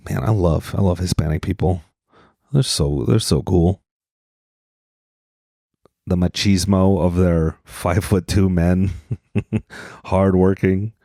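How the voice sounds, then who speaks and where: A man's voice: sits low, fairly even intonation, slow pace, long pauses, warm tone, no room sound, studio quality. A man from Utah hosting a solo comedy podcast, rambling and joking at his own expense. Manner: rambling, self-deprecating, jokey. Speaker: podcast host.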